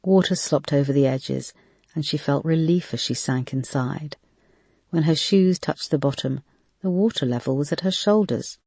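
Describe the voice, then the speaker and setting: Dry, measured audiobook narration. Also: mid-range voice, gravelly, a little mellow, no room sound. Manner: measured storytelling. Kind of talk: scripted narration.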